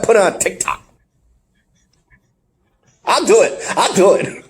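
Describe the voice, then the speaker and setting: A man's voice: high voice, slow, long pauses. A man hosting a casual wrestling review podcast, laughing often and acting out what people said. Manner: animated, laughs often, acts out quotes. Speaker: podcast host.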